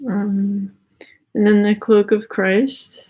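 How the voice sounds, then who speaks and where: Speaking slowly in a warm, mid-range voice with little pitch movement, a young woman reads tarot in a casual, spiritual way. She rambles, uses "like" as a frequent filler, and is slightly out of breath.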